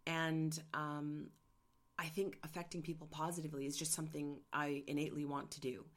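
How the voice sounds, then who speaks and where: Low-voiced woman telling an artist's story. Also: flat delivery, fairly quick. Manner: candid, emotional, gets choked up. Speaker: podcast host and artist. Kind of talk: personal storytelling monologue.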